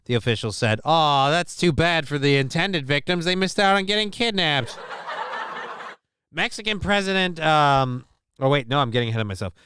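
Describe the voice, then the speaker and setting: A man's voice: on the high side, a bit bright, clear, resonant tone, dry recording, studio quality. A man hosting a live stream, reading news and chat comments aloud with crude jokes. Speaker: show host.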